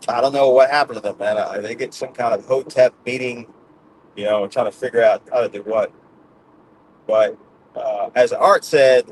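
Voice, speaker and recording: A man's voice: mid-range voice, slight background noise, low-quality recording. A middle-aged man hosting his own show, talking to his audience in a loose, rambling way, laughing often and tagging "man" onto his sentences. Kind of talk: casual rambling monologue.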